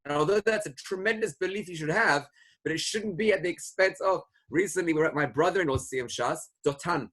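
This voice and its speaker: A man's voice: a little high, fairly quick, a bit bright. A middle-aged man, a rabbi, teaching a Torah class, explaining sources and retelling stories, raising his voice when he acts out quoted speakers. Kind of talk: Torah lecture with storytelling.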